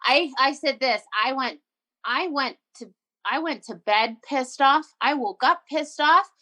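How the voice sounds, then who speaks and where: Lady telling a story in an interview, bright and a bit high, really animated. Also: a little slow. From Canada. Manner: animated, emphatic, quotes herself and others. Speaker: guest entrepreneur.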